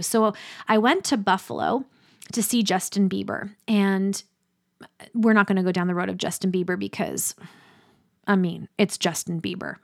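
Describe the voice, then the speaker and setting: A middle-aged woman giving a motivational talk, earnest and emphatic, slowing down for dramatic pauses. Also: medium pitch. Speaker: speaker.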